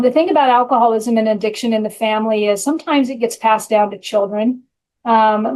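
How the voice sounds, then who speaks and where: A woman's voice: fairly high pitch, a little mellow, low-quality recording. A middle-aged woman hosting a podcast, telling her own recovery story in a blunt, earthy, candid way. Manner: blunt, earthy, frank about her past. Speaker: podcast host and recovery coach.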